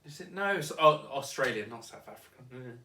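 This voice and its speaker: A young man talks in a loose, rambling way, hedging every other phrase and breaking into laughs. His pitch sits in the middle range. He sounds distant from the mic in an echoey room. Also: animated, normal speed, pushed and bright, a little hiss or hum. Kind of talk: casual chat.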